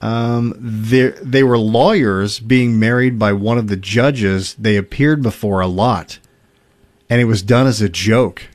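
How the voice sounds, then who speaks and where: A man's voice: on the low side, measured pace. Man casually reading stories aloud. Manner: relaxed storytelling with fillers and chuckles.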